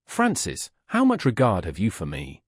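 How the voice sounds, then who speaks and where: A man's voice: fairly low pitch, huge pitch swings, moderate pace, slightly rough, no echo, clean studio sound, heavily acted. A man voicing a stern but tender young male teacher, speaking earnestly and insistently.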